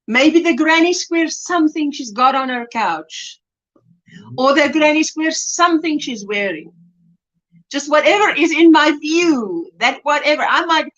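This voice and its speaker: A South African woman with a high-pitched, fairly bright voice hosts a casual crochet livestream on lo-fi audio. She chats and laughs a lot while reading out viewer comments as she crochets live.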